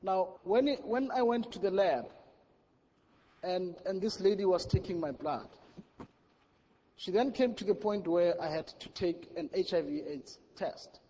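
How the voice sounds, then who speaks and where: A man's voice: sits high, unhurried, dark tone, big-room sound, highs cut off. A man speaking as a media panelist at a conference, telling a personal story in an earnest, emphatic way. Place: large conference hall.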